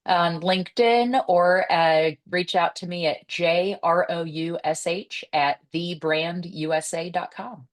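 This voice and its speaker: A woman talking as a podcast guest, quick and casual, often laughing and saying "like". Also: fairly low pitch, steady tone. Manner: quick, laughing, uses filler "like".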